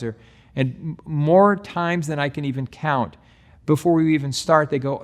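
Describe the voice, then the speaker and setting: A middle-aged man with a voice of ordinary pitch gives a casual sales training talk. He speaks in a relaxed, conversational way, slipping into short acted-out exchanges with customers at the door. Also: moderate pace. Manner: relaxed, acts out doorstep dialogue.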